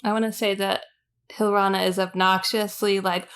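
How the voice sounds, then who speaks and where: A woman's voice: mid-range voice, flat delivery, moderate pace, a bit bright, clear, resonant tone. Bubbly woman player at a tabletop game. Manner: bubbly, gushes in character. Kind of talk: playing a tabletop role-play game.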